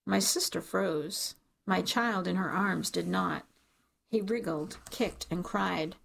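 Gravelly woman narrating an audiobook. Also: on the low side, a bit bright. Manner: emotional, measured storytelling. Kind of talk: first-person audiobook narration.

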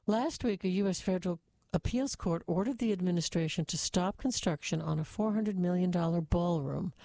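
A woman reading news stories in a steady, even scripted delivery. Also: lowish voice, no echo. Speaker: news reader.

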